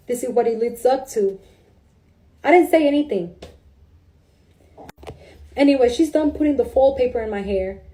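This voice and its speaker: Woman, storytime, high voice, mellow tone, casual, emotional. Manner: casual, emotional, says "bro". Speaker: salon client. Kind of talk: storytime recounting.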